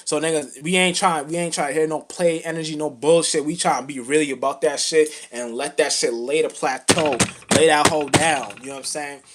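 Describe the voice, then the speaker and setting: Male rapper, slightly higher voice, rambling profane spiritual rant, streetwise slang, fervent. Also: steady tone, brisk, hardly any pauses, a bit bright, a little hiss or hum. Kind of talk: casual spiritual rant to camera.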